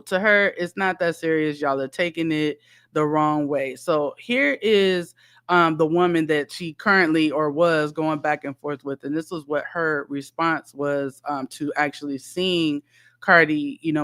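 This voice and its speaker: A woman's voice: sits low, a bit bright, smooth. A woman hosting a commentary channel, recapping events in a chatty way and laughing between points. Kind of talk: casual commentary.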